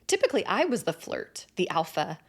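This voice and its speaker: A woman narrating a first-person romance novel in an expressive, animated way with breathy asides. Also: on the low side, a little fast. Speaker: audiobook narrator.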